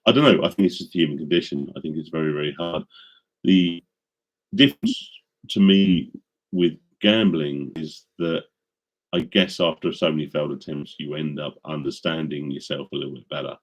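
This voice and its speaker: Man, middle-aged, low voice, casual live-stream chat, rambling, lots of ums. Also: moderate pace, breathy edge. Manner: chatty, rambling, many ums and restarts. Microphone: studio microphone.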